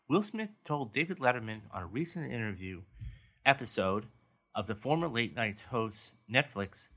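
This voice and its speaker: A man's voice: lowish voice, bright, forceful tone. A man hosting a movie news podcast, reading out stories and then chatting about them casually. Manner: reads news stories aloud, then chats. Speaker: podcast host.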